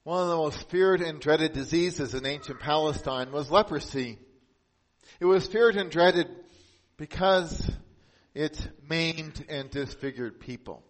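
A man preaching a sermon as pastor, earnest, lifting his voice for emphasis and dropping soft and slow on key points. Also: fairly high pitch.

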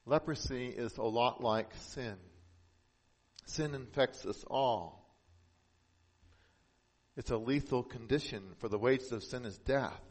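An earnest male preacher leads a sermon in a mid-range voice, rising in volume to drive points home and slowing to a soft hush where it counts.

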